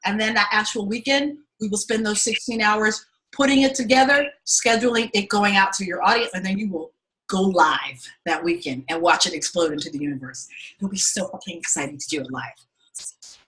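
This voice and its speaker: A middle-aged woman coaching a class, talking candidly and with lots of swearing as she tells lively stories and pitches her course. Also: moderate pace, poor audio. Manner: candid and profane, animated storytelling. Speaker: acting and fundraising coach. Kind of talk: casual teaching pitch.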